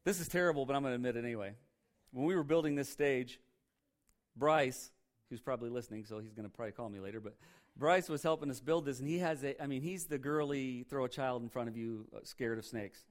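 A male pastor preaching a sermon, reading scripture and telling funny stories in an animated, repetitive way. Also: medium pitch, quick pace. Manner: animated, jokey, tells stories, repeats for emphasis.

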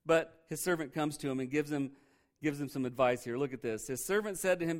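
A male pastor with a voice on the high side teaches through a Bible passage in a brisk, conversational sermon. He's animated and joking, tossing in sarcastic asides.

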